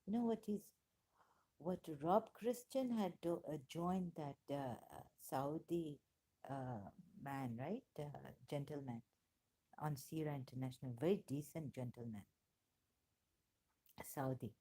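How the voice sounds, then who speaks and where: A woman's voice: low voice, a little slow, warm tone, husky. A woman vlogging in a rambling personal monologue, hesitant and full of fillers and restarts, with emotional exclamations.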